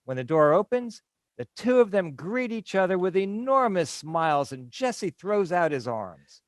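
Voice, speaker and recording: A man reading stage directions aloud for a play in a measured, descriptive way. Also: sits high, big pitch swings, no echo.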